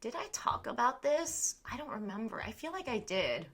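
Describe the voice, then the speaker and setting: Bright chatty Southern Californian woman. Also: a little high, sing-song, normal speed. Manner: chatty, says "like" a lot, laughs often. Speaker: livestream host. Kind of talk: casual chat with live chat.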